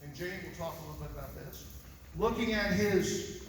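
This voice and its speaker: A civil investigator with a fairly high male voice presses his points hard at a press conference, firing off rhetorical questions at normal speed with lively intonation. He sounds far from the mic in an echoey hall, with a long booming reverb and a faint hiss underneath.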